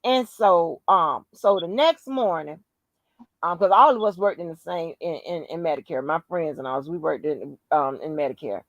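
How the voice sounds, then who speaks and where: A woman's voice: low voice, normal speed, no room sound, lo-fi sound. A woman hosting a podcast, telling a story in casual chat with lots of cursing and emphasis. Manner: profane, emphatic, animated storyteller. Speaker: podcast host.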